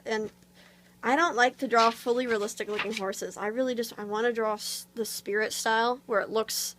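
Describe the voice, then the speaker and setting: A woman talks her way through a drawing tutorial in a loose, meandering chat, full of fillers. Her voice sits at an ordinary middle pitch. It is recorded on a phone camera. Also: a little hiss or hum, rough recording. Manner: rambling, chatty, many fillers.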